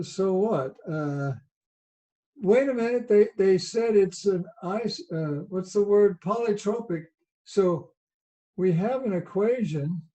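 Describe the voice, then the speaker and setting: A man's voice: fairly high pitch, warm tone. A man with a Southern US accent teaching a college lecture over a video call, chatty and folksy, asking rhetorical questions as he explains. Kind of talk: online lecture.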